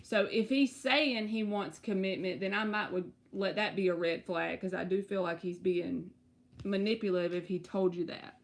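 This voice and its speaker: A woman, giving tarot readings on a live stream and chatting to her viewers in an animated, storytelling way. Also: mid-range voice, normal speed. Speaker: tarot reader.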